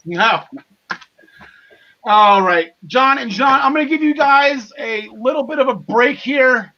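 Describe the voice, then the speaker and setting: A man's voice: very high-pitched, a little slow, lo-fi sound, a little hiss or hum. A man hosting a casual wrestling podcast, enthusiastic and laughing often, with lots of fillers and restarts. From half Irish. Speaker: podcast host.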